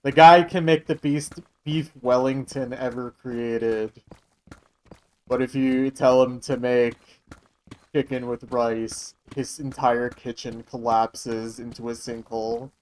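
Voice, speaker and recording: A man's voice: mid-range voice, flat delivery, slow pace, poor audio. Joking young streamer guy. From Michigan, USA. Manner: chatty, joking, answering chat. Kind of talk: casual live-stream chat.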